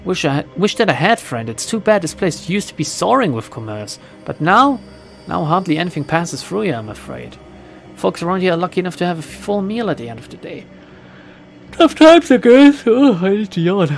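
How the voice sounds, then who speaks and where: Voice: medium pitch, very animated, brisk, vocal fry, soft background music, pitched above the performer's own voice. A streamer doing a chatty, friendly street informant. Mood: rueful. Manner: warm, chatty, confiding. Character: friendly nondescript middle-aged male information dealer. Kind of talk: reading game dialogue aloud.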